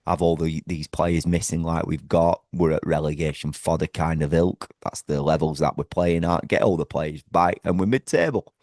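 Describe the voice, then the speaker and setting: A man's voice: low voice, normal speed, hardly any pauses, darkish tone, no room sound, studio quality. A man from northwest England, hosting a casual football fan vlog from home, talking passionately and rambling with lots of fillers and restarts. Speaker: football fan channel host. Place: at home indoors.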